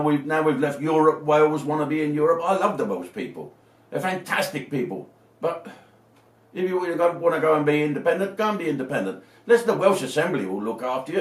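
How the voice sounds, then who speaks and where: A middle-aged man from Britain giving a scornful, blunt and profane political rant, his voice rising into shouts. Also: medium pitch, recorded from a distance. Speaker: comedian ranting to camera. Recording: echoey room, a bit off-mic.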